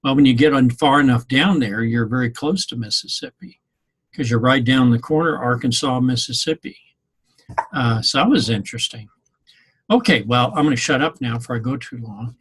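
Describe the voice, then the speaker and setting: A man's voice: medium pitch, moderate pace, a bit bright, slightly rough. A man giving a rambling, conversational class talk to his students. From Missouri, USA. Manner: rambling, conversational, with many ums. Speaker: instructor. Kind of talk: informal recorded class talk.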